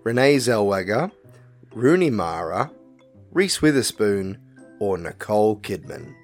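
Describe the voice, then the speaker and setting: A man hosting a casual podcast quiz, reading each question and its options slowly and deliberately. His pitch swings a lot as he talks, and he drifts into friendly asides between questions. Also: big pitch swings, faint music behind. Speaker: podcast co-host and quizmaster.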